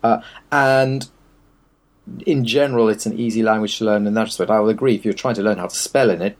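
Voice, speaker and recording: A man with a fairly low voice talks casually and at length. He is opinionated and wry, and he wanders through his points. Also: steady tone, fairly quick. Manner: opinionated, wry, meandering explanations. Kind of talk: casual chat.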